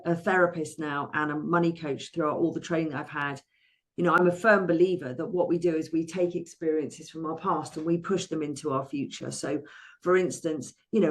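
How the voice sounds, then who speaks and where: An English woman in her sixties, a therapist and money coach, telling her life story as an interview guest in a lively way, with frequent restarts and playful acted-out quotes. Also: low voice, moderate pace. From England. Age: 60s.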